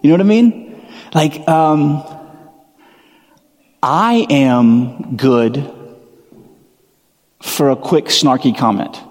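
A man with a fairly high voice delivers a sermon, reading scripture and then talking it through in a candid, self-deprecating way. His voice carries a long reverb, as if it fills a large church sanctuary. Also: extremely slow, long pauses, a little mellow. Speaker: pastor.

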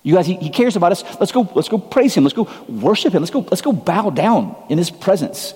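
A man's voice: high voice, very animated, brisk, a little mellow, husky, big-room sound. A man preaching a sermon as pastor, conversational and earnest, often poking fun at himself. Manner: conversational, earnest, self-deprecating.

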